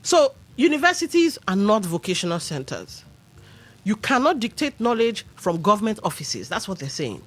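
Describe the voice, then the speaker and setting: A Nigerian woman hosting a radio talk show, giving opinionated commentary with pidgin asides. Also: medium pitch. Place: radio studio.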